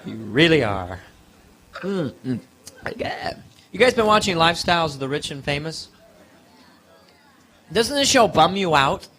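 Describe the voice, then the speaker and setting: A man's voice: fairly high pitch, big pitch swings, a little slow, long pauses, fairly bright tone. A man doing a live stand-up comedy set on a club stage, playful and self-mocking.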